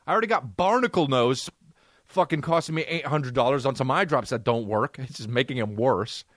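A man's voice: medium pitch, a little fast, a bit bright, no echo, clean studio sound. A man in his thirties, a comedian and podcast host, telling a rambling, profane comic story.

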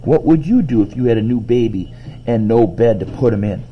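Man voicing a patient, gentle mother. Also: medium pitch, expressive, fairly quick, dull audio, slight background noise, lightly acted. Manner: gentle and explaining. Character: patient churchgoing mother reading scripture.

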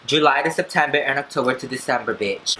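A man's voice: mid-range voice, fast talker, pushed and bright, slight background noise. A young man bantering casually with his mom, sassy and teasing, swearing often. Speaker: vlogger. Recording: echoey room with music playing.

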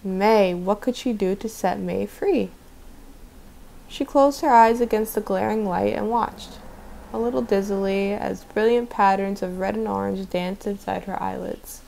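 A woman guest host reading a children's novel aloud in a steady, gentle storytelling manner. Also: mid-range voice, measured pace, creaky, low-quality recording.

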